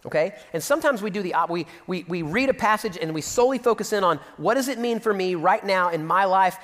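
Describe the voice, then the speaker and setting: Animated high-voiced preacher man in a hall. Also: quick pace. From Central Texas. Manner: animated preaching, reading scripture and acting out quotes. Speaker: pastor. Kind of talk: sermon.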